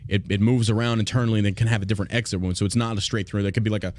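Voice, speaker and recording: A man's voice: fairly low pitch, fairly even intonation, very fast, a little mellow, no room sound. Guy podcast host, swearing a lot, blunt and mocking, dry close mic. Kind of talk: casual podcast rant.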